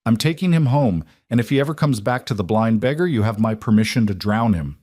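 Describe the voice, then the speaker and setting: A man voicing a bold, sharp-tongued young woman in an audiobook, shrieking and hissing her lines. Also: lowish voice, animated, fairly quick. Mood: defiant. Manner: shrieking, biting, then hissing. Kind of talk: audiobook character voice.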